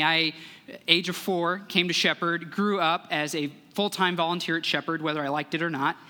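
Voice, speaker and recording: A man's voice: fairly high pitch, bright, forceful tone. Earnest young man preaching in a hall. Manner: earnest, measured, acts out quoted voices in the story. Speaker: guest speaker, church relations director. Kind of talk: sermon with storytelling. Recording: long hall reverb.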